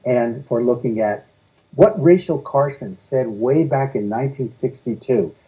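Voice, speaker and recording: Interviewed as a guest, an energy policy advocate gives earnest answers, setting out his points one after another in a steady, methodical way. He speaks unhurriedly at a medium pitch, and the recording sounds muffled.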